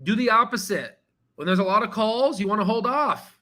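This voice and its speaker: A man hosting a stock trading channel, talking casually and excitably while going through charts, swearing now and then and repeating himself as he rambles. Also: sits high, fairly quick. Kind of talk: casual screen-share market commentary.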